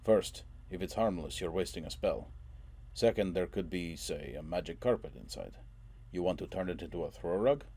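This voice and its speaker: A man's voice: low voice, animated, moderate pace, dark tone, husky, heavily acted. A man voicing a cautious, commanding dwarf leader in an audiobook. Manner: commanding, clipped.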